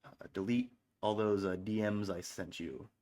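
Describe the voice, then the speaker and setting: A man in his thirties chats loosely between tracks as a stream's host, in a voice sitting a touch low. He rambles, restarts his sentences, swears freely and pokes fun at himself. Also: fairly even intonation, normal speed, darkish tone. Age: 30s. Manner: self-mocking, joking asides. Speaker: online radio stream host. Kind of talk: casual stream chatter between songs.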